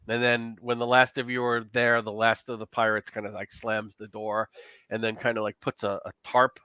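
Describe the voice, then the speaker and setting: A man's voice: mid-range voice, sharp tone, smooth, no echo. A man narrating as game master, in a loose way with lots of hedging.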